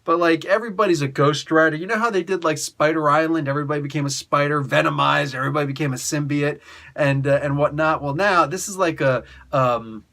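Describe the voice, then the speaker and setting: A man reviewing a comic book in a casual, excitable way, often laughing as he recaps scenes. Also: a little high, fairly quick.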